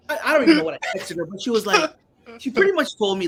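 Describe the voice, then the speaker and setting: Brief: middle-aged man, podcast co-host, lively storyteller with a voice that leaps around. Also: quick pace. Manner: animated, acts out quotes with swooping pitch. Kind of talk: casual storytelling chat.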